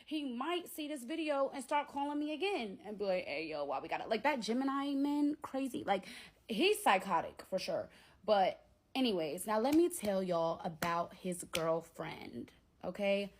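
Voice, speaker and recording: A young woman telling a storytime vlog at home, talking in lively slang and acting out the lines she quotes. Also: fairly high pitch, a little slow. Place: at home, bedroom.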